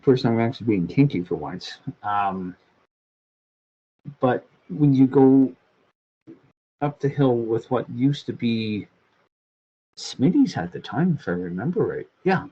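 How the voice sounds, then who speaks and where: Husky older man rambling crudely. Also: medium pitch, very animated, measured pace, long pauses, dark tone, highs cut off. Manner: crude, meandering, many restarts. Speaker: podcast co-host. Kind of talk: rambling casual storytelling.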